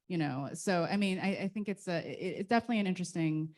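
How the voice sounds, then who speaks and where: A woman's voice: on the low side, fast, hardly any pauses, darkish tone. A woman speaking as an author on a panel, explaining her point conversationally and quoting others. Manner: explains with quoted voices, conversational. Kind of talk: panel discussion.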